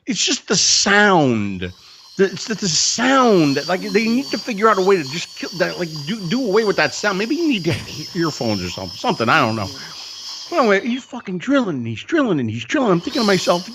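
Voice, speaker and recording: A man telling a story in a casual podcast chat, animated and profane, acting out the people in it. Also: high voice, brisk, background noise. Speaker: co-host.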